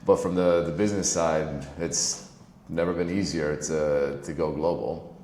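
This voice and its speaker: A man's voice: rumbling low, fairly even intonation, a little slow, darkish tone, roomy sound, slight background noise. A man hosting a podcast interview, thinking aloud in long, winding sentences with frequent restarts. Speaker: podcast host. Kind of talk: conversational interview.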